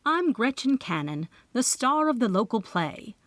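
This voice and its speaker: A woman's voice: fairly high pitch, very animated, measured pace, no room sound. A woman voicing a proud actress with a foreign-sounding lilt who calls herself the star of the play. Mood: haughty. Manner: proud and haughty.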